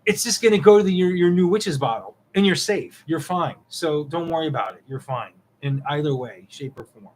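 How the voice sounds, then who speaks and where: A man's voice: fairly high pitch, lively intonation, brisk, few pauses, a little mellow, slight background noise, poor audio. A man co-hosting a live Q&A, casually reading viewer comments and chatting in a laid-back way. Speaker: co-host of a witchcraft livestream Q&A.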